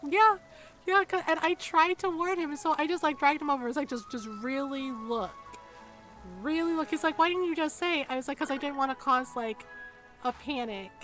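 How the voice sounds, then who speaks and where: A middle-aged woman streaming a game, chatting casually and telling a story in an animated way, acting out the people she quotes. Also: high voice, normal speed, faint music behind.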